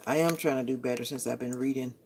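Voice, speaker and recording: A man with a darkish mid-range voice talks quickly and fairly evenly while hosting a casual morning stream from home. Sitting near a window with bird feeders, the content creator rambles and often corrects himself mid-sentence.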